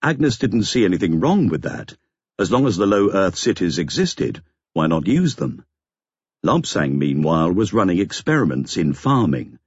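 A man narrating a novel in a measured, even storytelling manner. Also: low-pitched, slightly rough, dry recording, highs cut off. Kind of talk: scripted audiobook narration.

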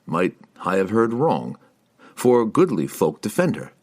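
Man voicing an elf warrior, calm, courteous, measured, low voice, audiobook. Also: exaggerated voice. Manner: calm, courteous, old-fashioned phrasing.

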